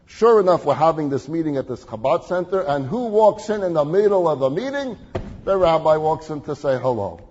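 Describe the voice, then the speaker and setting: A rabbi telling a story in a lecture, animated and stammering now and then. His fairly high voice is husky, and the dull, muffled recording carries a long reverb from the hall. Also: fairly quick. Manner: animated storyteller, acts out dialogue, stammers on restarts.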